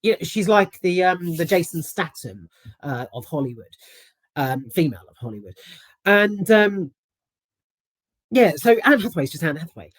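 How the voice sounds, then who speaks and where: A woman with a lowish voice talks through a film in a loose, rambling way, restarting her sentences and swearing for emphasis. The sound is dry and close, with no room echo around her. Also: very animated, normal speed, long pauses. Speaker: film reviewer. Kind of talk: casual spoken film review.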